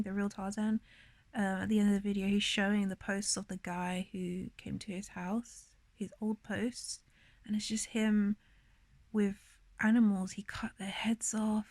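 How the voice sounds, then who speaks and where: A young woman talks straight to the camera in a rambling, tearful vlog, trailing off and restarting as she goes. Her voice sits at an ordinary middle pitch and sounds dry and close. She is holding back tears. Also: a little mellow, dry recording. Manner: rambling, emotional, many fillers and laughs. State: emotional, near tears. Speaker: vlogger. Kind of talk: casual confessional vlog.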